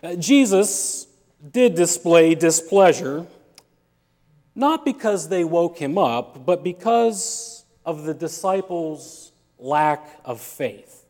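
Slow, higher-voiced pastor in a reverberant hall. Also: male voice, animated, darkish tone. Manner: humorous storyteller, acts out dialogue. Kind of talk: storytelling sermon. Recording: long reverb of a church hall.

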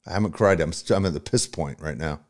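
A man's voice: deep voice, fast. A middle-aged man, a podcast co-host and baseball coach, telling stories in a profane, ranting way during casual chat. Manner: profane, ranting, animated storytelling.

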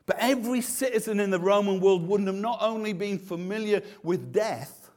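A man's voice: high voice, moderate pace, a little mellow. A man preaching a sermon, earnest and full of restarts and repeated words.

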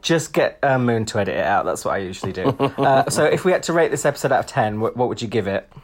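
A man's voice: medium pitch, expressive, quick pace, a little hiss or hum. A man from Huddersfield, co-hosting a podcast in casual, teasing chat. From Huddersfield, England. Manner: chatty, laughing, teasing. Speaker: podcast co-host.

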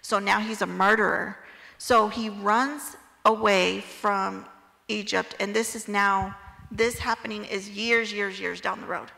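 A chatty, animated woman retelling a Bible story in a casual teaching style. Her voice is bright with a gravelly edge, and it sounds echoey, like a room with a long reverb. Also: medium pitch, unhurried. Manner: chatty, animated, lots of "like" and "right?". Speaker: Bible study leader.

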